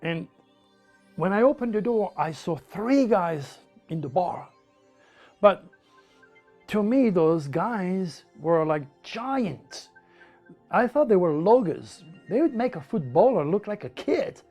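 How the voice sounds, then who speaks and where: French-accented man, high voice, animated storyteller, faint music behind. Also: measured pace. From France. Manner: animated, emphatic, with repetitions and laughs. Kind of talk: personal storytelling monologue.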